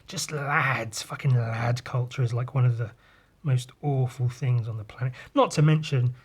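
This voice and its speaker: A man's voice: medium pitch, fairly even intonation, normal speed, slightly rough. A man talks casually on his own podcast. He rambles from thought to thought and swears freely. He often trips over his words and starts his sentences again. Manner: rambling, sweary, restarts a lot. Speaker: podcast host. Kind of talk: casual solo podcast chat.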